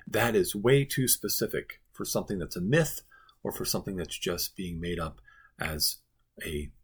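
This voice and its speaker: Male pastor, low husky voice, earnest devotional teaching, emphatic repetition. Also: animated, normal speed. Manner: earnest, emphatic, repeats phrases for stress.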